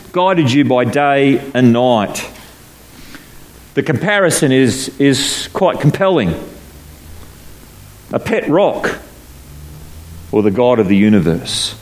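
Standing before a congregation in a church hall, a male pastor delivers a sermon that shifts from hushed solemnity to loud emphasis. When he reaches key scripture phrases, he slows his pace to drive them home.

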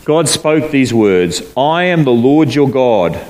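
Male pastor preaching with animated emphasis. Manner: emphatic, swings between low solemn and raised animated delivery; slows down to stress scripture phrases. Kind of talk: sermon. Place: church hall before a congregation.

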